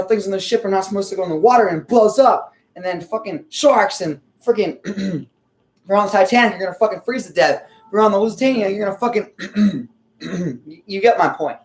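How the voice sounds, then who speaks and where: A man rambling in a casual monologue, swearing a lot, full of fillers and frequent throat clearing. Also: high voice, fairly quick. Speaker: vlogger.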